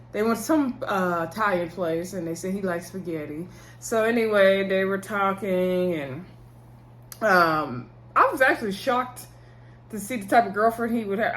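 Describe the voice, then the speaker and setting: A woman's voice: medium pitch, a bit bright. Chatty woman doing a laughing TV recap. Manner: chatty, laughing, slangy, acts out quotes. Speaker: reality TV recap vlogger. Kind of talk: casual episode recap.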